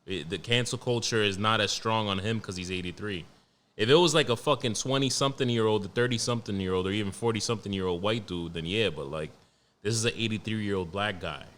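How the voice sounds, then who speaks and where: A young man hosting a solo podcast, talking in a blunt, profane, joking way and reading news out loud. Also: fairly low pitch, normal speed. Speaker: podcast host. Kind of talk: casual solo podcast monologue.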